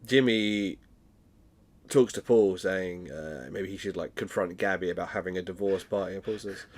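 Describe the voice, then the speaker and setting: Recapping a TV episode in casual podcast chat, this British co-host in his twenties laughs a lot while telling stories. He speaks in a low voice at a moderate pace.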